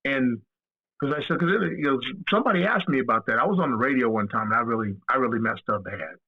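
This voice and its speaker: Husky man telling stories over a phone line. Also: mid-range voice, quick pace. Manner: animated, profane, acts out quoted dialogue. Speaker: guest. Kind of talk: casual storytelling. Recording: tinny phone-line audio.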